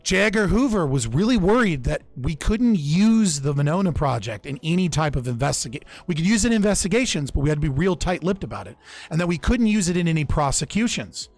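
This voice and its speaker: A man's voice: fairly high pitch, very animated, fairly quick, darkish tone, dry recording. A young man casually recounting political history on a podcast, loose and profane, often restarting his sentences. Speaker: podcast speaker.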